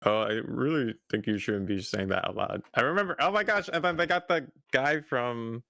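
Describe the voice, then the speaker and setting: A young man chatting casually on a stream, easygoing and quick to laugh. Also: mid-range voice, lively intonation, gravelly, pushed and bright, dry recording. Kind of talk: casual chat.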